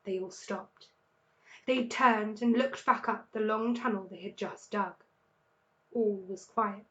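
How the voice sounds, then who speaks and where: A woman with an English accent, a teacher reading a children's storybook aloud in an expressive, lively way. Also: medium pitch, unhurried, dull audio.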